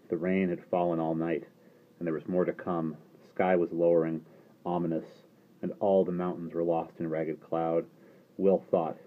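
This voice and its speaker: A man reading a novel aloud in a steady storytelling delivery. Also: sits low. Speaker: reader. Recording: tinny phone-like sound.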